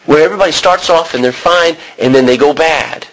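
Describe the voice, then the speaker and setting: An American man teaching a Bible sermon in a conversational way, often restarting and clearing his throat. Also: a little high, a little fast, rough recording. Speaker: preacher.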